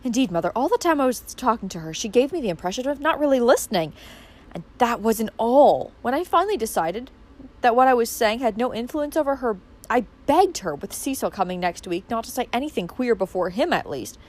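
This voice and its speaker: A prim, offended young woman complaining to her mother in a raised, aggrieved voice, as a woman reads her aloud. Her pitch climbs high and swoops with indignation. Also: expressive, brisk, a little mellow. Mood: indignant. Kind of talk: audiobook character reading.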